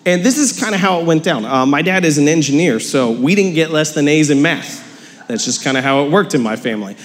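A young male pastor tells a story from the pulpit and keeps poking fun at himself. His voice sits a little high for a man. The sound carries a long hall echo, as in a church. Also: animated, a little fast. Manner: storytelling with self-mocking humor. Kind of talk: sermon. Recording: hall reverb.

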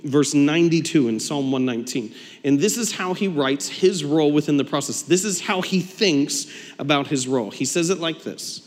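A man preaching a sermon as pastor, telling stories in a conversational, animated way with quick laughs and acted-out asides. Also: a little high, in a large hall.

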